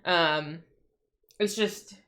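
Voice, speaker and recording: Exasperated bright-voiced woman streamer. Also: on the low side, very slow. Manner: exasperated ranting, swears, frequent likes and restarts. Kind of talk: casual livestream chat. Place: home.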